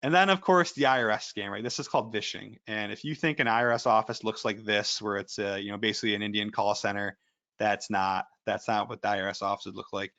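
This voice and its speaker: A man's voice: lowish voice, steady tone, fast, pushed and bright, muffled recording. Rambling man presenting a webinar. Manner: rambling, anecdotal, many fillers. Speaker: presenter, ethical hacker.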